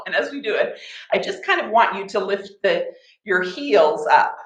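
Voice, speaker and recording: A woman's voice: medium pitch, expressive, moderate pace, dull audio. A woman leading a live laughter yoga session, laughing often and chanting playfully. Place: home art studio.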